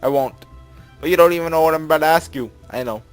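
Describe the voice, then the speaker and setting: A young man with a slightly high voice reads a visual novel aloud and riffs on it as he goes. He rambles, stumbles over his words and fills gaps with "like" and "you know". Faint game music plays behind him. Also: fast talker, smooth. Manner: rambling, frequent laughs and filler words. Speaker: let's play narrator.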